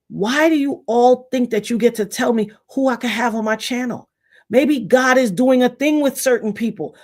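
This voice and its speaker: Woman from trinidad chatting on a livestream, slightly high voice, lively storytelling. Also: normal speed. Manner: animated storyteller who acts out quoted voices. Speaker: live stream host and salon owner. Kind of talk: casual live-stream monologue.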